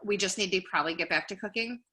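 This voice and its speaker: A woman's voice: medium pitch, quick pace, bright, forceful tone. A woman co-hosting a podcast in casual chat, rambling with lots of "like". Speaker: podcast co-host.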